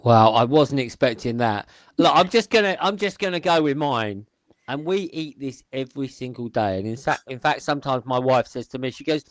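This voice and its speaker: A man's voice: mid-range voice, expressive, moderate pace, no echo. A man hosting a panel show over a video call, playful and theatrical, chatting with his guests. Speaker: host.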